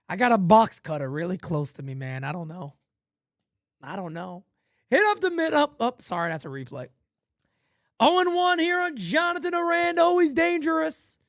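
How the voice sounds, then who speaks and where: A man's voice: very high voice, very animated, moderate pace, a bit bright, no echo, studio quality. A man hosting a live play-by-play stream, calling the game with sarcastic, exasperated fan commentary. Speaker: host.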